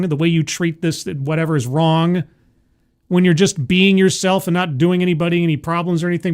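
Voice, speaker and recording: A streamer doing sarcastic, exasperated commentary on a video during a live stream. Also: medium pitch.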